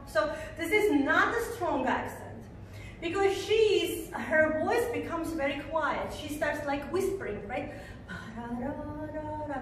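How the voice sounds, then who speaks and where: Female dance teacher, unhurried, high voice, counts steps aloud; distant camera mic in an echoey room with faint noise. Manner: counts beats aloud and sings rhythm syllables. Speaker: belly dance instructor.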